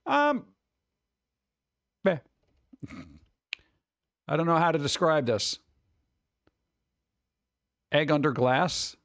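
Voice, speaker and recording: A man hosting a casual stream, chatting and riffing on viewer messages in a rambling, jokey way with animated rants. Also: a little high, drawn-out words, long pauses, no echo. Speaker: streamer host.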